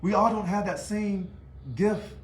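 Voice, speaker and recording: Man, casual to-camera monologue, taunting rhetorical style, high voice, roomy echo. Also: unhurried, slight background noise. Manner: animated, taunting, rhetorical questions. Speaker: union leader. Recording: echoey room.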